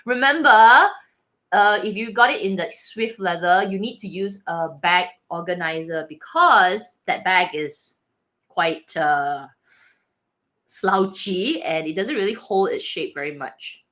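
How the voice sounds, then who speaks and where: A woman hosting a casual live Q&A, chatting with viewers and reading their comments aloud. She is animated and laughs often, with frequent restarts. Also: on the low side, unhurried. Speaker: livestream host reading viewer chat.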